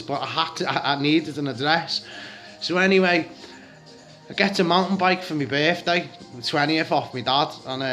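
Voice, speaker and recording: A man's voice: mid-range voice, pushed and bright. A man in his forties with a Scouse accent, telling a rambling, heated story from his own life in a casual vlog, swearing freely and often. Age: 40s.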